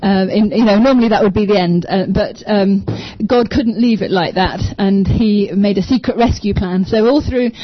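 A woman's voice: mid-range voice, normal speed, hardly any pauses, no echo. A woman, sharing a personal faith story in a small group, hesitant with many ums but enthusiastic. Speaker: church small group member. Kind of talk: casual personal testimony. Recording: dull lo-fi sound, dry.

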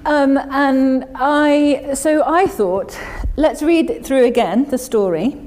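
A woman speaking to her church congregation in a relaxed, chatty way, full of fillers and restarts. Her voice is mellow and dark, and it rings with the long reverb of a church hall. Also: high-pitched, slow pace, a little hiss or hum. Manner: chatty, self-deprecating, many fillers and restarts. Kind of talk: informal sermon and scripture reading.

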